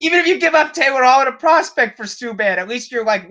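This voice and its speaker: A man's voice: very high-pitched, lively intonation, fast, bright, forceful tone, highs cut off. A man co-hosting a casual hockey podcast, bantering with laughs and quoting stats. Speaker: podcast co-host.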